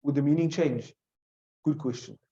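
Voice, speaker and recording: Mellow-voiced man teaching in an echoey classroom. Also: on the high side. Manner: explains step by step, quizzing students with questions; recites short Arabic phrases quickly. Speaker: Arabic grammar teacher. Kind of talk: classroom lesson. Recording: echoey room, dull lo-fi sound.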